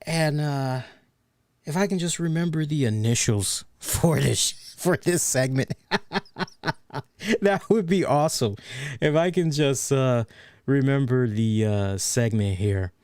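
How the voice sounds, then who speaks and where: A man's voice: mid-range voice, unhurried, clean tone, dry recording, studio quality. A man hosting a wrestling review show, ranting sarcastically with lots of swearing and repeated phrases. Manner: animated, sarcastic, profane, repeats phrases for emphasis. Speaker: podcast host. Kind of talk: casual wrestling review rant.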